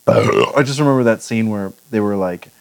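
A man's voice: fairly low pitch, moderate pace, gravelly. A man co-hosting a casual podcast chat, rambling through stories and acting out quotes with laughs. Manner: rambling, lively retelling with put-on quotes and laughs. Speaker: podcast co-host.

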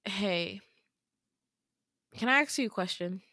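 A woman's voice: medium pitch, expressive, slow, pushed and bright, no echo, clean studio sound, full character voice. A woman quoting an earnest young male student friend who presses her with questions, in her own voice.

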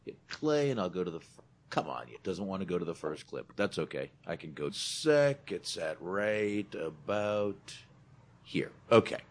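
A man's voice: low-pitched, big pitch swings, unhurried. A man hosting a podcast in casual chat, emphatic, swearing and saying "dude" a lot. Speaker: podcast host.

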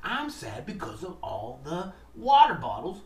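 A man's voice: high-pitched, huge pitch swings, measured pace, a little mellow, far from the mic, exaggerated voice. A man voicing a worried, weary fisherman in a storytelling session, speaking in plain, matter-of-fact complaints. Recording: roomy, from off mic.

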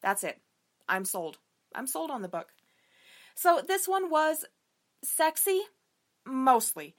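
A woman's voice: sits high, big pitch swings, slow pace. Emphatic, swearing woman reviewing a book. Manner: emphatic, enthusiastic and frequently profane. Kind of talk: casual book review vlog.

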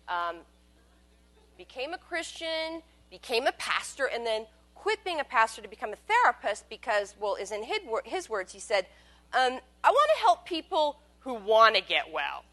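A woman telling a personal story as a monologue, wry and candid, swinging between loud bursts and hushed asides. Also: mid-range voice.

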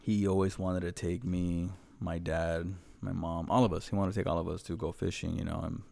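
A man's voice: deep voice, flat delivery, a little fast, vocal fry, dark tone. A young man hosting a casual chat, joking and swearing and laughing easily.

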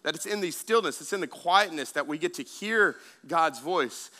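A man preaches to his congregation in a loose, conversational way, circling back on his words and tossing questions to the room. His voice is strikingly bright and sits a little high for a man. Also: expressive, moderate pace, few pauses. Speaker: pastor. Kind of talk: sermon.

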